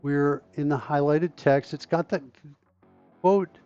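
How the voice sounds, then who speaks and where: Taking it slowly, a middle-aged coder thinks aloud on his live stream, second-guessing himself step by step over soft background music. His voice is a little high yet dark and steady, picked up by a dull, somewhat lo-fi dry mic.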